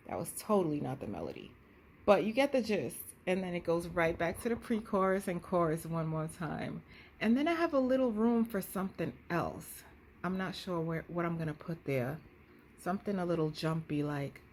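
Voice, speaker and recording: A woman's voice: lowish voice, animated, moderate pace, a little mellow, slight background noise. A young woman, talking casually into her phone camera, thinking aloud and singing bits of a song draft. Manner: chatty, thinks aloud, sings snatches of melody. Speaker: songwriter vlogging her process. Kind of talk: casual vlog talk, singing draft lyrics.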